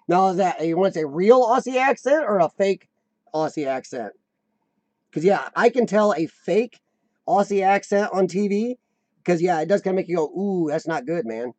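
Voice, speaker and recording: Chatty man with a rough voice. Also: high voice, a little slow, pauses often, darkish tone, no echo. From United States. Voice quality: slightly rough voice from lung problems. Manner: rambling, chatty, laughs often, answers viewers by name. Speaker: livestream host. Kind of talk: casual live chat reading comments.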